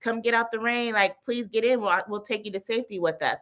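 A woman's voice: fairly high pitch, a little fast, a bit bright, voice pushed up, close to an everyday voice. A woman voicing rescuers in a boat urgently pleading with a stranded man to climb in.

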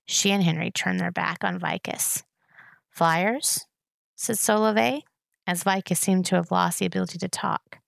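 Woman reading a novel aloud, gravelly. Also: mid-range voice, normal speed, no echo. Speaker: reader.

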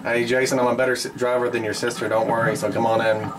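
A man's voice: mid-range voice, level tone, fast. A man hosting a casual online gaming session, joking around and teasing his friends. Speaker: host of a gaming video. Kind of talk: casual gaming party chat. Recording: noisy online game chat.

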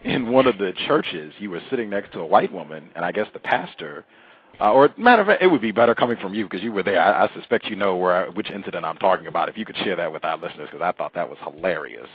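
A male talk-show host asks his questions in a halting way, circling back with fillers and restarts. His voice sits very low and husky. The sound is slightly dull, like a modest lo-fi recording. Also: sing-song. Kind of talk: interview.

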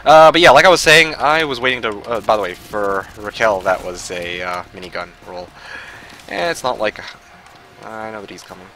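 A man giving casual live commentary while playing an online shooter, muttering, swearing and breaking into yells and laughter. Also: fairly low pitch, moderate pace, faint music behind. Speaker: gaming livestreamer.

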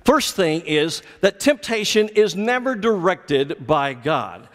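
A man's voice: high-pitched, sing-song, takes it slowly, a bit bright. A male pastor preaching a sermon, explaining scripture and pressing his points with emphatic, repeated commands. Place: church sanctuary. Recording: long church reverb.

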